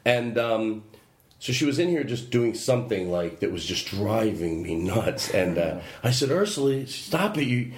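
A man's voice: lowish voice, a little slow. A man hosting a casual podcast, telling rambling stories with lots of laughter and self-interruptions. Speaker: podcast host. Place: home studio with his dog. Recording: echoey room, faint noise.

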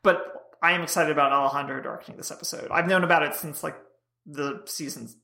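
A woman co-hosting a casual podcast, animated and full of fillers. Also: sits low, fast, echoey room. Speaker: podcast co-host. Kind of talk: casual chat.

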